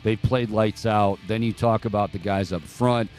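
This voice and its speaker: A man's voice: fairly low pitch, fairly even intonation, moderate pace, a little mellow, soft background music. A man hosting a studio sports talk show, breaking down plays and rattling off upbeat plugs and a sign-off. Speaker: sports radio host.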